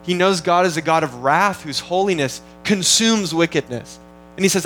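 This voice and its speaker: A man's voice: high voice, normal speed, a bit bright, slight background noise, low-quality recording. A man preaching an expository sermon in an earnest, teaching manner, often restarting phrases as he works through the text. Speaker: pastor.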